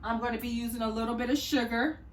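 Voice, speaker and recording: Woman host, folksy chatty manner, slightly high voice, mic set back in a kitchen with faint noise. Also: fairly even intonation, fast talker, echoey room, distant mic. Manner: chatty, folksy, says y'all and honey. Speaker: cooking channel host. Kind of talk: casual cooking tutorial.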